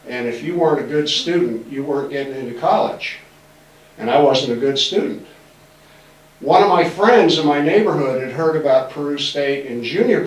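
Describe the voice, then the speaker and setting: A man in his sixties from Massachusetts, giving a folksy, joking storytelling talk in a library auditorium and acting out the voices of people he quotes. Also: mid-range voice. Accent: faint Massachusetts. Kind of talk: storytelling lecture. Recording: roomy hall, distant mic.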